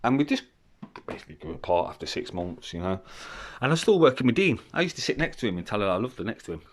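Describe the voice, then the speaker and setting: A man's voice: fairly low pitch, big pitch swings, fast talker. A man telling his life story in a candid, rambling way, swearing freely. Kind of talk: casual storytelling.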